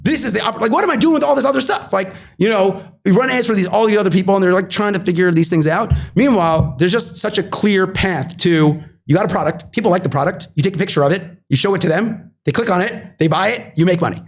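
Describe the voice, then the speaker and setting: A man's voice: high-pitched, fast talker, vocal fry, hardly any pauses. A man in his thirties telling a story as a guest in an interview. He acts out past conversations and repeats phrases for emphasis.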